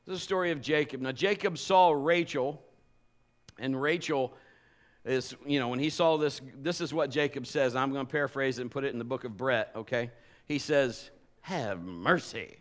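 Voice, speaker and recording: A man's voice: medium pitch, moderate pace. A male pastor preaching a sermon and telling stories with humor and energy. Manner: animated, humorous storytelling.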